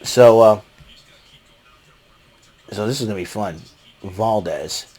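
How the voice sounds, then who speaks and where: A man's voice: lowish voice, unhurried, a little mellow, soft background music. A man casually recapping a wrestling show, rambling with fillers and often breaking into laughter. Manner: watching a ball game while talking.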